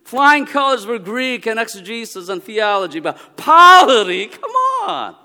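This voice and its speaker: A man who is a Presbyterian minister, giving a humorous sermon talk with animated storytelling, bursts of exclamation and laughter. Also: high-pitched, moderate pace. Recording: long reverb of a large hall.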